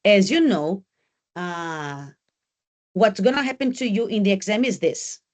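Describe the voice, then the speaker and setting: A woman's voice: mid-range voice, animated, measured pace, a little mellow. Woman English teacher in a classroom; direct, coaching delivery that drills key points. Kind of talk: exam preparation class.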